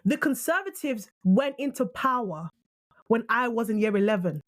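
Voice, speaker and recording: A woman in her thirties with a British accent, co-hosting a casual podcast chat, animated, with quick asides and restarts. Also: a little high, no echo, studio quality. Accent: British English. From Nigeria. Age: 30s. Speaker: podcast co-host.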